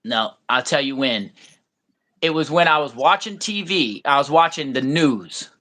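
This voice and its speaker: A man's voice: fairly high pitch, lively intonation, measured pace, pushed and bright. A man in casual chat, rambling and blunt, swearing freely and breaking into silly voices to mimic people. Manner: profane, blunt.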